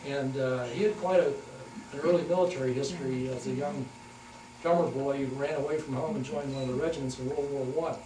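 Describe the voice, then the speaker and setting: An older man giving a folksy talk to a local historical society, halting often with fillers as he reminisces. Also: mid-range voice, steady tone, mellow. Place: hall at a historical society meeting. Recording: echoey room, distant mic, noisy.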